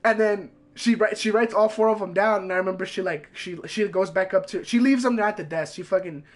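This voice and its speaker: A man's voice: high-pitched, a little fast. A man streaming from home, telling a profane, heated story in a casual way.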